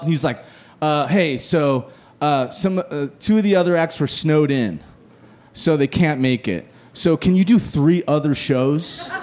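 A high-pitched male comedian telling a story on stage. He delivers it in a loose, profane, animated way and bursts into shouts when he quotes himself or others. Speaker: stand-up comedian. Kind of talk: live storytelling performance. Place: live stage show.

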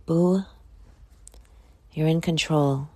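A woman hosting her own podcast, just woken up and yawning, talking in a slow, reflective drawl with casual swearing. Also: deep voice, fairly even intonation, a little mellow. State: sleepy, yawning. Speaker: podcast host. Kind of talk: casual solo podcast talk.

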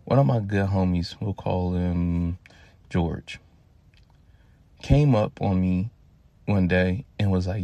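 Podcast host, man, 30s, from Louisiana; gravelly, profane, animated storyteller, dry close recording. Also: sits low, slow pace, pauses often, no room sound, highs cut off. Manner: profane, animated, addresses listeners directly. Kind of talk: casual storytelling monologue.

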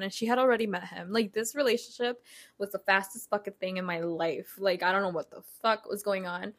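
A woman's voice: mid-range voice, fairly quick. A woman in her twenties hosting a casual solo podcast, candid and chatty, swearing freely and using lots of fillers. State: out of breath. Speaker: podcast host. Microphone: podcast mic, partly faulty.

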